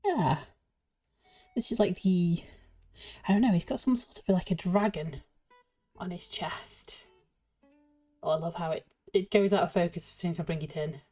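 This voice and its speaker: A woman's voice: lowish voice, normal speed, pauses often, warm tone, soft background music. A woman chatting and giggling to herself while building a Lego set, slightly out of breath. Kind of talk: casual build commentary.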